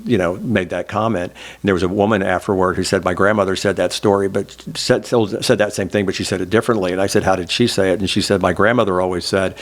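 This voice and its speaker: His voice sits low and steady, moving at a quick pace with hardly any pauses. He is a middle-aged former state senator from Oklahoma, reflectively telling earnest, self-deprecating stories for an oral history interview.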